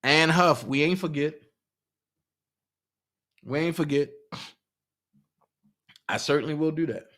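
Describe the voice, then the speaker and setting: Fired-up guy with aave ranting on his stream, pitch a bit high, keeps hitting the chat with questions. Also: takes it slowly, pauses often, a bit bright. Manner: indignant, asks the chat pointed questions. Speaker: livestream host. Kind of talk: heated livestream commentary.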